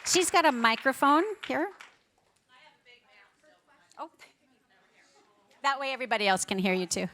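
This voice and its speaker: A woman giving an emphatic conference talk, stacking up words for effect and dropping to a soft, quiet voice when she tells a story. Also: high voice, expressive, unhurried, long pauses, some chatter behind. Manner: emphatic, builds up lists of words. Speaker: pro-life educator giving a conference talk. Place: large conference hall on stage.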